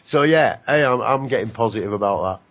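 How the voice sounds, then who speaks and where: A man hosting a casual radio talk show, joking and rambling with an animated, mocking manner. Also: medium pitch, fairly quick, no room sound, muffled recording. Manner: animated, jokey, rambling with laughs.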